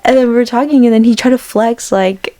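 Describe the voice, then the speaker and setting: A woman's voice: a little high, fairly quick, dark tone, dry recording. A woman in her twenties co-hosting a podcast, chatting casually and telling a story while acting out the voices of the people in it. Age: 20s. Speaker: podcast co-host. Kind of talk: casual chat.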